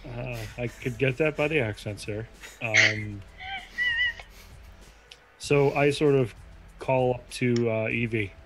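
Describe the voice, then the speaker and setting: A man's voice: mid-range voice, slow, pauses often, music in the background, rough recording. A man playing a tabletop game, speaking cautiously and in character. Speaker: player. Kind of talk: tabletop role-play.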